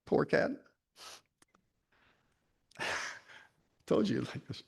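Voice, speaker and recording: A man's voice: mid-range voice, a little slow, gravelly, long pauses. Man reading comic poems drily. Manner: dry, wry delivery with asides to the audience. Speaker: poet reading his work. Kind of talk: humorous poetry reading.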